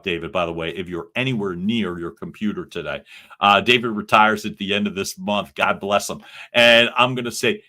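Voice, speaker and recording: A man's voice: on the low side, bright, forceful tone. A man coaching salespeople on a live stream, talking with energy and emphasis and acting out sample phone lines.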